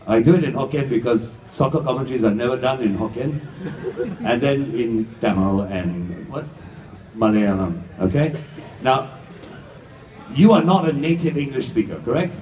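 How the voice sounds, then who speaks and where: Fifty-something male emcee, brash and teasing, recorded from across an echoey banquet hall. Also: a little high. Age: 50s. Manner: teasing, loud and joking. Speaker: emcee running stage games. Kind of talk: live stage banter with audience. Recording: echoey hall, distant, crowd noise.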